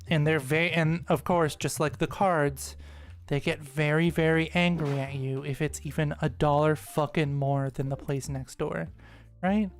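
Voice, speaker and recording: A woman giving casual gameplay commentary, rambling and ranting with exasperated swearing. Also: deep voice. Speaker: gaming streamer.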